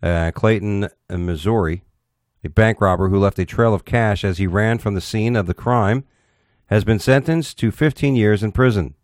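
A man's voice: fairly low pitch, normal speed, darkish tone, no echo, clean studio sound. A man hosting a casual talk show, reading odd news stories aloud and giving blunt, profane opinions with stumbles.

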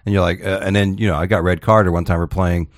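A man's voice: low-pitched, fairly even intonation, fast, no echo, clean studio sound. A man hosting a casual chat, telling rambling, profane stories with many restarts.

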